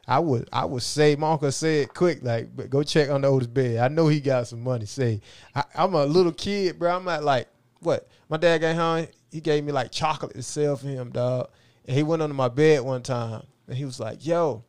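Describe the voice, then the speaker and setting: Man telling stories in a smooth voice. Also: medium pitch, moderate pace, a little mellow, no echo. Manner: rambling, repeats "you know what I'm saying". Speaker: interview guest. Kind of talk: casual storytelling.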